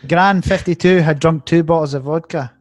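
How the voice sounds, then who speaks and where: A man, co-hosting a podcast, reading out tabloid headlines in a laid-back, deadpan way. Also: a little high, moderate pace, faint music behind. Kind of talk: casual banter.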